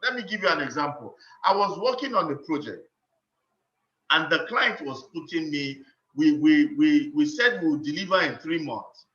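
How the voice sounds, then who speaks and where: A man's voice: a little high, animated, moderate pace, pushed and bright. Earnest man teaching, roomy lo-fi sound. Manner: earnest and instructive, repeats phrases for emphasis. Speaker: leadership speaker. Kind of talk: motivational teaching talk.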